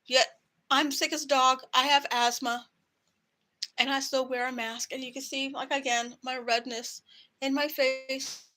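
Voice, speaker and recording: A woman's voice: sits high, pushed and bright. A woman vlogger ranting to camera in a heated, profane way about her work. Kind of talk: angry personal rant to camera.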